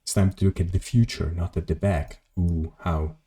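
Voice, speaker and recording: A man's voice: sits low, brisk, dark tone. A man streaming a video game, rambling casually to his chat and swearing at mishaps. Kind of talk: casual gameplay commentary.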